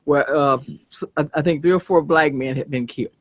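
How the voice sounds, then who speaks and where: A host from the American South, chatting casually, telling stories bluntly and swearing freely. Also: female voice, sits low, a little fast, no echo. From Southern United States. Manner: animated, blunt, swears freely, asks "you get what I'm saying". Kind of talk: casual storytelling chat. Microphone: streaming setup.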